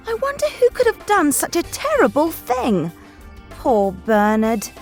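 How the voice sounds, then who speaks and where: A woman's voice: high voice, wildly swooping pitch, measured pace, soft background music, full character voice. An actress playing a chatty, gossipy young woman in a sitcom. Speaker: sitcom character. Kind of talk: scripted sitcom acting.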